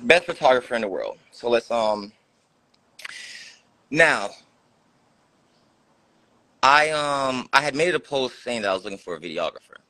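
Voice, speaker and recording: A man's voice: medium pitch, animated, measured pace, long pauses, pushed and bright, no echo. A man hosting a live stream, talking bluntly and profanely in casual chat, mocking others as he quotes them.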